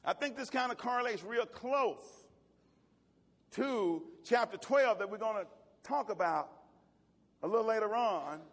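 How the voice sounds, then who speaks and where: A male pastor preaching a sermon in a church, switching between shouted exclamations and folksy jokes. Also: high voice, expressive, unhurried, long pauses. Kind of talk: fiery sermon. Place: church sanctuary. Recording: long church-hall reverb.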